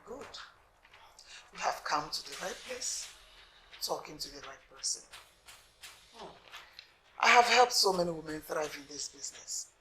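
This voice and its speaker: A woman's voice: expressive, measured pace, long pauses, bright, forceful tone, a little hiss or hum, full character voice. An actress playing a scheming, domineering queen in a film drama. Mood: smooth assurance. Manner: imperious, turns shrill and menacing. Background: film score music.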